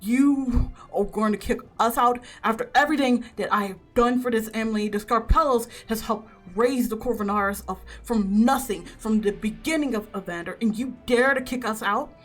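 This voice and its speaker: A woman's voice: medium pitch, flat delivery, measured pace, darkish tone, husky, soft background music. Woman playing an indignant old grandfather. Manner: indignant, raised voice. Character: proud, angry old grandfather, indignant patriarch.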